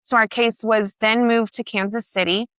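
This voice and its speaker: A woman's voice: fairly high pitch, steady tone, moderate pace, a bit bright, no echo. A woman telling a personal story in a conversation, emphatic and emotional, blunt and swearing. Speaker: guest.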